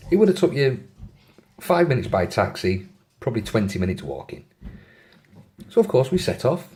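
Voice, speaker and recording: Man, casual anecdote narration, animated pitch, chuckling, apologetic asides. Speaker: storyteller.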